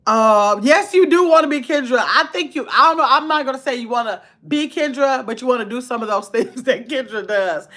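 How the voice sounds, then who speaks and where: A woman's voice: a little high, fairly quick, few pauses, bright, forceful tone. A woman from Wisconsin hosting a casual livestream, chatting loosely and greeting viewers by name as she reads their comments. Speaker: livestream host.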